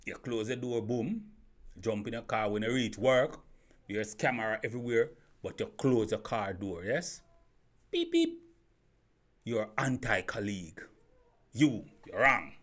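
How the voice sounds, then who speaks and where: A man's voice: lowish voice, a little slow, a bit bright. A man giving an opinion monologue as a YouTube commentator, firing rhetorical questions, repeating himself and stumbling over restarts.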